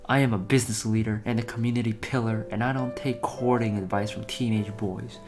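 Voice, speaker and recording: A man's voice: fairly low pitch, fairly even intonation, a little fast, close to an everyday voice. A man reading as a pompous older businessman. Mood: haughty. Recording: faint guitar music behind.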